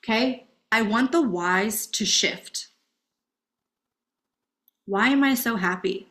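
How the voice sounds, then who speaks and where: A woman's voice: on the high side, slow, a bit bright. A young woman coaching in a casual, candid masterclass, swearing freely and checking in with "okay?" often. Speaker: dating and self-help coach.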